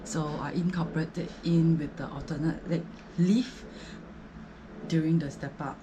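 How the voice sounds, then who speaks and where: A woman's voice: low-pitched, fairly even intonation, unhurried, noisy background. A Singaporean woman chatting casually about her home workout, slightly out of breath, with lots of fillers. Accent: Singaporean English. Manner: chatty, filler-heavy, rambling explanations. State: breathless between sets. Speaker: fitness vlogger.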